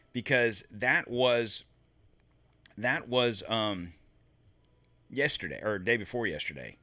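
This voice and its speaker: A man's voice: mid-range voice, bright, forceful tone. A man hosting a solo political commentary show, reading from his script and breaking off to mutter and swear in frustration.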